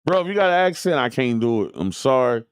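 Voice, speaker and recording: A man's voice: medium pitch, sing-song, quick pace, smooth, no room sound, studio quality. A man from the Tampa Bay area, hosting a community radio show in loose, joking chat aimed straight at listeners. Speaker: radio host. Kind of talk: casual talk radio chat.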